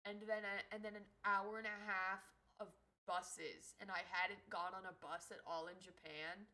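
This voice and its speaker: A woman streamer telling a story in casual livestream chat, animated and swearing freely. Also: medium pitch, low-quality recording.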